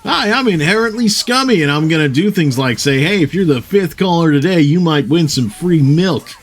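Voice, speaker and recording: A man's voice: fairly high pitch, expressive, normal speed, pitched above the performer's own voice. A man voicing a sleazy male morning radio DJ who talks in brash hard-sell announcer patter. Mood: sleazy hype.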